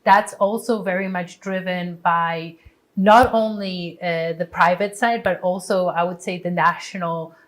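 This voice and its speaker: A woman in her thirties from Poland, a startup community founder speaking in a measured, fluent way in an interview. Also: fairly low pitch, fairly even intonation. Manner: measured, fluent with occasional fillers. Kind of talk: conversational interview.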